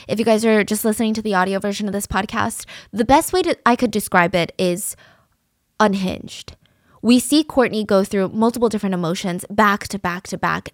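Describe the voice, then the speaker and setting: A woman's voice: medium pitch, no room sound, studio quality. A woman hosting a true-crime podcast, narrating earnestly and describing a recorded argument. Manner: earnest and descriptive, reads out quotes from audio.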